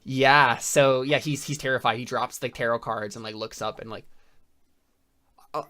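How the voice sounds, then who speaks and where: A man's voice: mid-range voice, fairly even intonation, moderate pace, sharp tone. A man narrating as game master of a tabletop game in a rambling, filler-heavy way.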